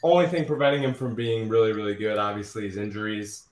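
A man's voice: fairly low pitch, steady tone, quick pace, echoey room, slight background noise. A man on a casual sports podcast, out of breath and talking in an eager, rambling way.

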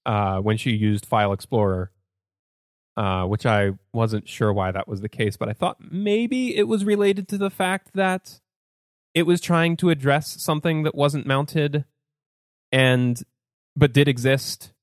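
A man's voice: medium pitch, a little slow, dry recording, studio quality. A man hosting a casual tech podcast, rambling a little with fillers and restarts. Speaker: podcast host.

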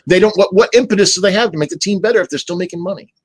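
Older man, higher voice, stammering wisecracking storyteller, dry close sound. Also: rapid-fire, no echo, rough recording. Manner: self-deprecating storyteller, stammers repeated words, does voices in anecdotes. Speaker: guest, retired sportscaster. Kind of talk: casual chat.

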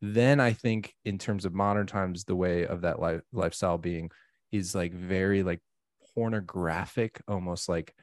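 A man's voice: sits low, moderate pace, no echo, clean studio sound. A man hosting a casual podcast chat, playful and joking. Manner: playful, joking, animated asides. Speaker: podcast host.

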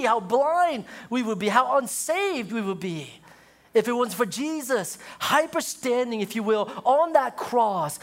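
A male pastor preaching a sermon, moving from loud, high exclamations to low, hushed passages.

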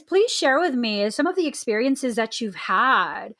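A young woman hosting a podcast in casual chat, expressive, with frequent laughs and exclaimed reactions. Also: a little high, measured pace, hardly any pauses. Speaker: podcast host.

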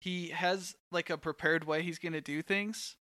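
A man co-hosting a podcast, talking through a film in a relaxed, thoughtful way with plenty of "like" fillers. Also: on the high side, normal speed, dry recording, clean studio sound. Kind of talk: casual movie discussion.

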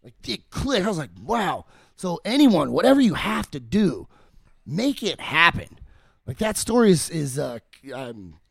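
Animated man telling stories in casual chat; gravelly, lively pitch. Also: moderate pace, no room sound, studio quality. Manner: animated storyteller with many fillers.

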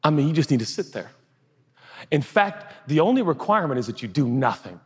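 Husky, animated man preaching in a big hall. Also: a little high, brisk. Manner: animated, jokey, conversational preaching. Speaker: pastor. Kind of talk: sermon. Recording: long echoey hall reverb.

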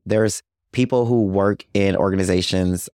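A man's voice: deep voice, fairly even intonation, moderate pace, a little mellow, dry recording, studio quality. A man being interviewed as a community outreach worker, speaking earnestly in casual talk with many "you know" fillers. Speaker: guest, HIV outreach worker.

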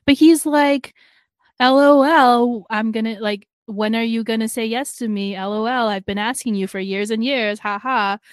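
A woman's voice: medium pitch, fairly even intonation, normal speed, hardly any pauses, clean tone, no room sound. A woman co-hosting a casual chat, recapping a drama and acting out the characters' lines. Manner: chatty, laughs often, acts out characters' lines. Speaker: podcast co-host recapping a drama.

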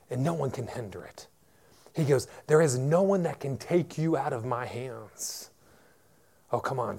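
A man's voice: mid-range voice, a little mellow. A male pastor preaching a sermon to his church, building to emphatic declarations and repeating words as he goes.

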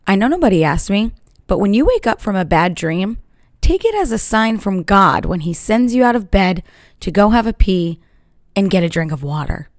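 An upbeat woman rambles through a casual solo podcast from her chair at home. Her voice sits at an ordinary middle pitch, and the sound is close and dry. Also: big pitch swings, moderate pace, no room sound. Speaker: podcast host. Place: at home in a chair by a sunny window.

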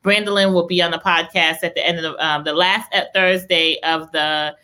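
A woman's voice: fairly low pitch, fairly even intonation, normal speed, bright, forceful tone. A young woman hosting a podcast, chatting eagerly about faith and business with lots of restarts. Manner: enthusiastic, faith-filled, rambling with restarts. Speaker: podcast host. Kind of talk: casual live-stream chat.

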